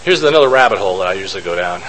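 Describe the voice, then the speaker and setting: A man's voice: sits low, lively intonation, rapid-fire, a bit bright, slight background noise, poor audio. A man giving an informal Bible teaching, thinking aloud and posing rhetorical questions to his listeners.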